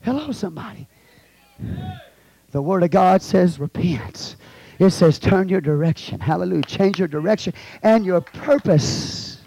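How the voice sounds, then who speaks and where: High-voiced, shouting preacher. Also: male voice, expressive, unhurried. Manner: swings from hushed to shouting. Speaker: pastor. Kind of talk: fiery sermon. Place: church sanctuary.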